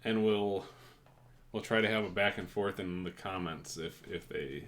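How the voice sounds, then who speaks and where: A man hosting a casual tech talk show, relaxed and a bit hesitant as he reads listener questions. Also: deep voice, normal speed, a little hiss or hum. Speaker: podcast host.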